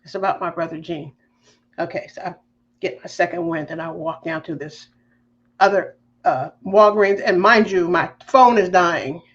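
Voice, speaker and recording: A woman on a podcast, telling a personal faith story in a lively, emotional way. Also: fairly low pitch, moderate pace, dull audio. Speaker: podcast guest.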